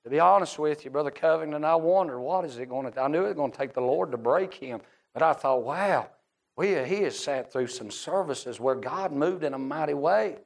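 During a church service, a middle-aged man preaches a fervent revival-style sermon, swinging from hushed storytelling to shouting. His voice is fairly high with lively intonation and some vocal fry, and he speaks a little fast.

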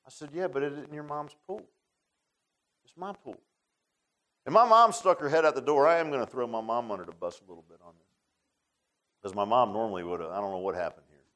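Folksy preacher telling a story. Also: male voice, medium pitch, rough recording. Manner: folksy storytelling, swings from loud to hushed. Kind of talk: sermon.

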